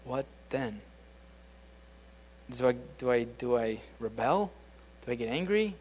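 A man's voice: medium pitch, expressive, normal speed, a little mellow, a little hiss or hum. A man giving an informal, conversational sermon, often restarting his sentences and acting out the voices he quotes. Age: adult, beyond his late teens. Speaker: preacher.

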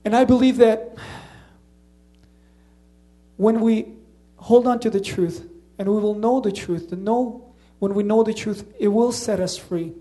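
A man's voice: high voice, fairly even intonation, a little slow, pauses often, dark tone. A man with a slight Slavic accent preaching a sermon in an earnest, conversational way, often restarting his phrases.

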